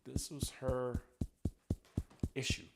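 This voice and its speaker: Brief: male coach, middle pitch, gravelly, emotional confessional monologue. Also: monotone, takes it slowly, over loud music. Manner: raw, profane, swinging from ranting to quiet reflection. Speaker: EFT tapping coach.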